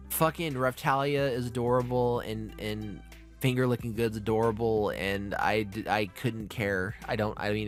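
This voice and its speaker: Male podcast host, profane and animated, anime recap chat, faint music bed. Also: lowish voice.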